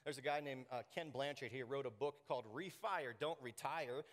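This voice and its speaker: A man preaching a sermon to his congregation, animated and joking, acting out quoted voices. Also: mid-range voice, normal speed. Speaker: pastor. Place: church sanctuary. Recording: long hall reverb.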